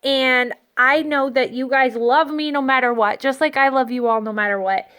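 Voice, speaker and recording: A woman teaching kindergartners by video from an empty classroom, speaking gently, slowly and encouragingly into a phone set down in front of her. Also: sits high, fairly even intonation, clean tone. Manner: gentle, slow and encouraging, talks to small children. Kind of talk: remote lesson to young children.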